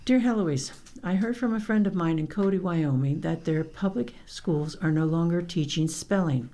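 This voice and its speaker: A woman reading newspaper columns and news items aloud for a radio reading service, in a plain, unhurried way. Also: lowish voice, warm tone. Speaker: volunteer newspaper reader. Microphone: radio studio microphone.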